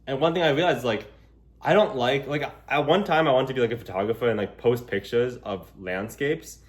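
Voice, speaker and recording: A man's voice: medium pitch, fairly quick. A young man talking casually to a handheld camera while walking in public, rambling with lots of fillers. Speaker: vlogger. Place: outdoors in public. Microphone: gimbal camera held while walking.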